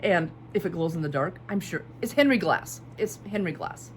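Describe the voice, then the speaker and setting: A woman's voice: on the low side, lively intonation, normal speed. A woman in her fifties chatting casually and enthusiastically on her quilting channel, showing off fabric at home and repeating her favorite phrases. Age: 50s. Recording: faint background hum.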